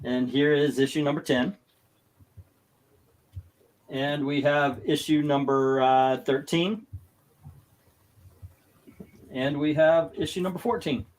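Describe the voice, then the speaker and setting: A man's voice: a little high, steady tone, slow, pauses often, darkish tone. Man hosting a comic auction. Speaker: host running a comic auction. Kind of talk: casual chat.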